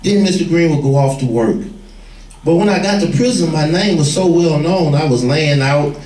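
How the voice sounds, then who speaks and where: A man's voice: a little high, normal speed, mellow. Storytelling man in an echoey room. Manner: vivid storyteller, acts out quoted voices. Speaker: former gang leader speaking to youth. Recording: echoey room, far from the mic.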